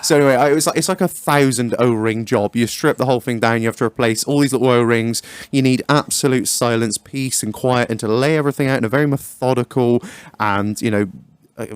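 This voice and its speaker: A young man hosting a podcast in casual chat, a lively, sweary storyteller who acts out his own lines. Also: mid-range voice, fast talker, smooth, no room sound. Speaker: podcast host.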